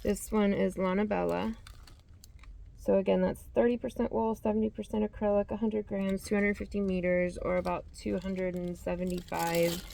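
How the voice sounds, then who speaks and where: Chatty woman with a gravelly edge. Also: medium pitch, level tone, moderate pace, warm tone. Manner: chatty, reads out yarn labels, self-correcting. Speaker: yarn channel host. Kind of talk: casual show-and-tell vlog.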